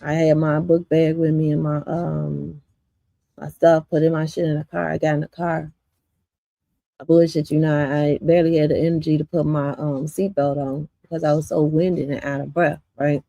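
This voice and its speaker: A woman's voice: sits low, little pitch movement, moderate pace, gravelly, mellow, no room sound. Blunt, swearing woman telling a story. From south suburbs of Chicago. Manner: blunt, profane, rambling with many fillers. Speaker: community vlogger. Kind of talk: casual storytelling to viewers.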